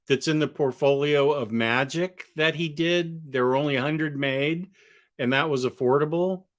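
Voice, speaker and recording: Slow-talking man chatting on a livestream. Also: medium pitch, fairly bright tone. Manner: rambling, restarts often, answers chat questions. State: has the hiccups. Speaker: comic book collector streamer. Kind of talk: casual livestream chat. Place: apartment room among bookshelves.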